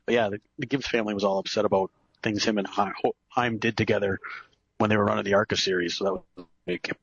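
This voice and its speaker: A man co-hosting a racing radio show from the track, talking quietly and quickly. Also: lowish voice, little pitch movement, husky, no echo, dull audio. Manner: hushed and quick during an anthem. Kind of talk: casual racing talk radio chat.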